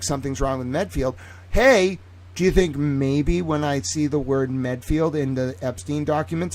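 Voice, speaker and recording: A man's voice: on the high side, gravelly, poor audio. Sarcastic, profane man ranting on stream. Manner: animated, sarcastic, swears freely, acts out imagined dialogue. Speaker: independent streamer and commentator. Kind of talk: profane rambling monologue.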